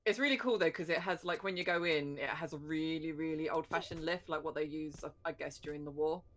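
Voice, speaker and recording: A woman's voice: sits low, a little fast. Casting: woman from England, chatty stream co-host, rambling and fond, faint hiss. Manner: chatty, rambling, many fillers and soft laughs. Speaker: livestream co-host. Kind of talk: casual gaming chat.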